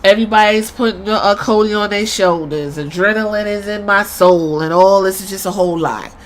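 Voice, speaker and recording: A woman hosting a podcast, giving a casual, profane recap and acting out moments with sudden shouts. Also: medium pitch, brisk, slight background noise. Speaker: podcast host.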